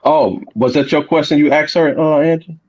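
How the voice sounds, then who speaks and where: A man's voice: a little high, normal speed, darkish tone, lo-fi sound. Blunt, cussing man on a call. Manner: blunt, profane, probing questions. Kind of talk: casual call-in chat.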